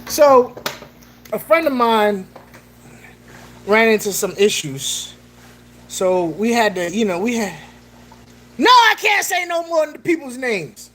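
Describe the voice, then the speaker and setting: A woman's voice: on the high side, big pitch swings, slow pace, pauses often, a bit bright, a little hiss or hum. A woman hosting a casual livestream, joking loosely with slang, laughing and greeting chatters by name. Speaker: livestream host.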